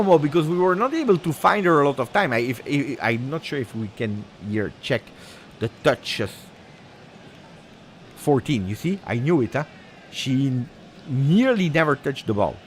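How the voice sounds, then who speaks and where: Excitable man calling a match. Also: mid-range voice, normal speed, slight background noise. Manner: excitable, shouts at big moments, drops Italian words. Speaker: football fan streamer. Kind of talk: live match watch-along commentary.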